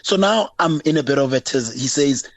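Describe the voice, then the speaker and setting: A man's voice: mid-range voice, moderate pace, gravelly, no echo. A South African man calling in to a radio show, animatedly recounting a roadside incident and acting out the exchanges. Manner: animated storyteller, acting out both sides of a dialogue. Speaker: caller.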